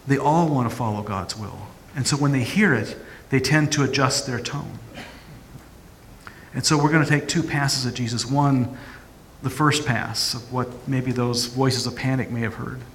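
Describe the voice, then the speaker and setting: A male pastor giving a reflective sermon, halting with restarts, in a church sanctuary. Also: medium pitch, a little hiss or hum. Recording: long church hall reverb.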